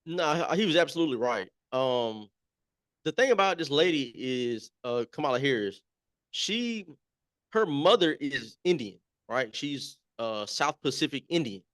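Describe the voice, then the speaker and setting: A man's voice: mid-range voice, very animated, measured pace, a bit bright, no echo, clean studio sound. A man appearing as a guest on a talk show, making his points emphatically and repeating them in casual chat.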